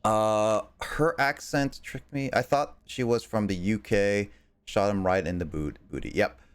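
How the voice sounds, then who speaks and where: A man's voice: lowish voice, a little slow, smooth. A male streamer chatting casually while playing a game, rambling with plenty of fillers. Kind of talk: casual chat while gaming.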